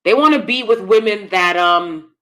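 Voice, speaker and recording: A woman's voice: mid-range voice, expressive, normal speed, bright, forceful tone. A woman hosting live-stream commentary, blunt and emphatic, often repeating herself. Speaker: commentary channel host.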